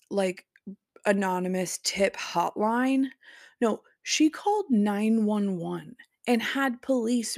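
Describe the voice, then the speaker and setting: A woman's voice: mid-range voice, gravelly, no room sound, studio quality. A woman hosting a podcast, casually recounting a personal story, chatty and full of "like" with bursts of disbelieving laughter. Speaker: podcast host.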